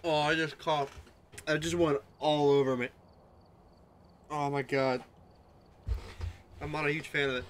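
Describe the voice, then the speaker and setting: A man's voice: on the high side, level tone, a little slow, long pauses, a little hiss or hum. A man streaming a video game from his home setup, chatting casually, laughing often and swearing freely. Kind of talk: casual gaming chat.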